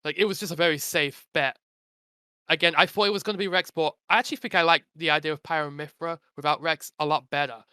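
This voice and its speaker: A man talking as a podcast guest with a fairly high, bright and tense voice. His tone is smooth and crisp, recorded dry with no room sound. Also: steady tone, quick pace. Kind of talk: casual podcast chat.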